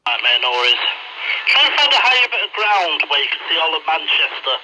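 A man talks bluntly in chatty British slang. He comes through a two-way radio buried in heavy static. His voice is a touch high for a man. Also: very animated, fast. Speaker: radio operator.

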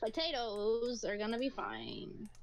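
High, bouncy woman gaming streamer. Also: sing-song, measured pace, a little hiss or hum. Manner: playful, giggly, sing-song. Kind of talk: casual gaming chat.

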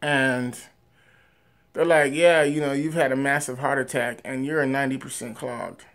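A man in a personal vlog tells his story straight to camera in an ordinary mid-range voice. He rambles with lots of fillers and restarts. He gets loud and animated at the big moments, then trails off quietly. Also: mid-range voice, moderate pace. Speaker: vlogger.

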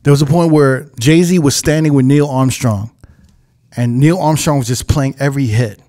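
A man's voice: mid-range voice, moderate pace. A man co-hosting a casual podcast as a nightclub DJ, telling stories and acting out catchphrases. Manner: animated storytelling, acts out catchphrases. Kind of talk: casual chat. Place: podcast studio.

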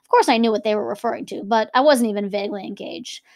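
A young woman reading a novel aloud and breaking off now and then for chatty, lively comments about it. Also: mid-range voice, fast talker, no echo, clean studio sound. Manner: lively, switching between reading and chatty asides. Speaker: reader and teacher.

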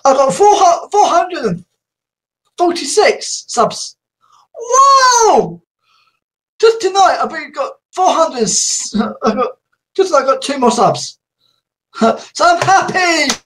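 Excitable giggly woman, very high. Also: slow pace. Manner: excitable and giggly, shouting sing-song greetings. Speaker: YouTuber chatting with strangers live. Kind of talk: casual live video chat.

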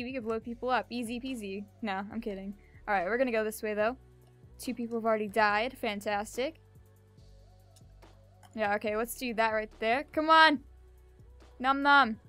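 A young woman giving fast, chatty, excitable commentary while playing a video game. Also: a little high, no echo. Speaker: gaming video creator. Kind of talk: casual gameplay commentary.

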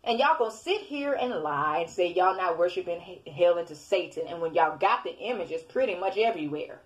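A woman's voice: fairly low pitch, animated, a little fast. Scolding woman preaching casually. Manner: repetitive, scolding, keeps asking "okay?". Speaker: self-made online preacher. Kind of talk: informal preaching to camera.

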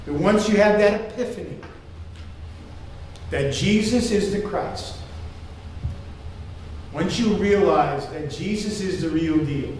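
Older guy preaching, high voice, jokey and lively, echoey church picked up from far off. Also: takes it slowly, pauses often, slight background noise. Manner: joking, animated preaching. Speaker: pastor. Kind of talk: sermon. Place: church sanctuary.

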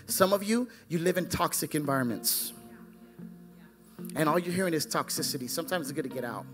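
A male pastor preaching a fervent sermon, swinging between loud exclamations and hushed asides. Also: on the high side, a little fast, music in the background.

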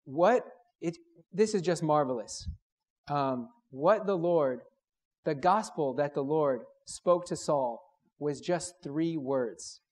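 Emphatic man preaching, slightly high voice. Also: a little mellow. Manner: emphatic, repetitive, builds phrases; leads group to read aloud together. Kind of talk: sermon to university students.

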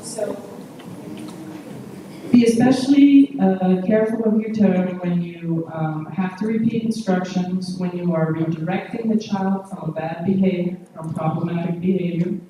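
Over a noisy background, a woman with a fairly low voice gives a conference talk in an echoey hall, recorded from a distance. Patient and unrushed, she uses pauses and fillers and keeps checking in with "okay?"

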